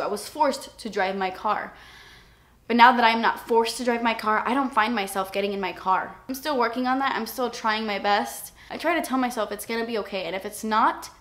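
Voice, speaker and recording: A woman's voice: mid-range voice, a bit bright. A young woman vlogger talking candidly and emotionally to camera in a casual confessional chat. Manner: emotional, candid, near tears at times. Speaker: beauty vlogger.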